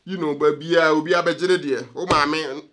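A young Ghanaian man hosting a news reaction vlog, lively and jokey, switching between languages as he talks. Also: on the high side, brisk. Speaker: vlog host.

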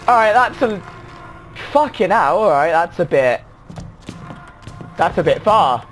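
A young man giving excitable let's play commentary on a horror game, swearing a lot and breaking into yelps and nervous laughter. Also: high-pitched, slow pace, long pauses, faint music behind. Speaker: gaming video host.

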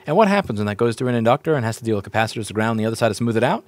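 A man's voice: medium pitch, racing, few pauses, no echo. A man teaching board repair in a casual walkthrough, explaining step by step, repeating points and asking viewers questions as he goes.

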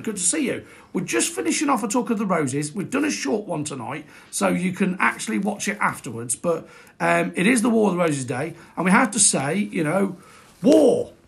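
Gravelly, high-pitched jokey history host. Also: male voice, fairly bright tone. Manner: jokey, chatty, greets viewers by name. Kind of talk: casual live-streamed history talk.

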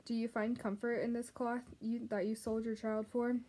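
A woman voicing a cunning male rat who speaks softly and formally. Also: a little high, flat delivery, moderate pace, close to an everyday voice. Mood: probing. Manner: soft, silky and formal.

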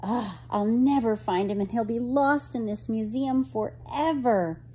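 A woman's voice: a little high, measured pace, dark tone, husky, pitched above the performer's own voice. A woman voicing a playful young girl in a storybook. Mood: lively.

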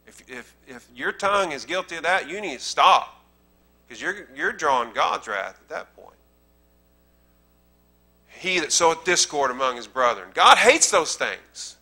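A man's voice: a little high, very animated, normal speed, bright, forceful tone. A man with a Southern American accent preaching a sermon in a church, talking plainly to the congregation and building to emphatic, repeated lines. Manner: conversational preaching that swells into emphatic repetition. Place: church sanctuary.

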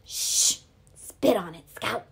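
A woman voicing a tense boy of twelve who talks in hushed, urgent whispers while reading a storybook aloud. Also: mid-range voice, fairly even intonation, fairly quick, slightly rough.

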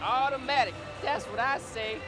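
A man's voice: very high-pitched, normal speed, over music. A man dubbing a blustery goofy ballplayer. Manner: silly overdubbed lines, swinging between shouting and muttering. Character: goofy dubbed male basketball player, absurd and blustery. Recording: arena crowd and loud noise behind.

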